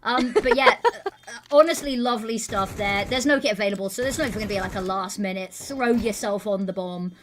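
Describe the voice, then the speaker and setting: A woman giving energetic, playful live esports commentary. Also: mid-range voice, brisk, background noise. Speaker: esports caster.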